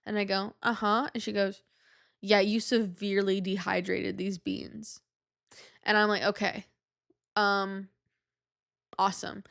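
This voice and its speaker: A young woman hosting a podcast, telling a story in a chatty, animated way and acting out the voices of people she quotes. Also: mid-range voice, gravelly. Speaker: podcast host. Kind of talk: casual storytelling monologue.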